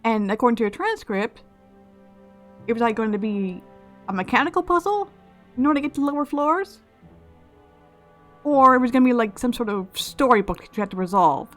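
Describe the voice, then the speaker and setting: A woman with a fairly high voice gives casual gameplay commentary, thinking out loud and turning ideas over as she goes. She often restarts phrases mid-thought. Faint music plays under her voice. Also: expressive, fairly quick, pauses often. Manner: musing, speculative, with frequent restarts. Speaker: let's play host.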